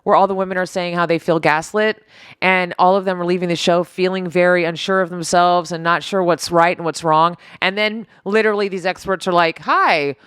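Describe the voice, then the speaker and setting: A woman co-hosting a podcast in casual chat, animated and quoting people in acted voices. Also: on the low side, a little fast, smooth, dry recording, studio quality. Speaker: podcast co-host.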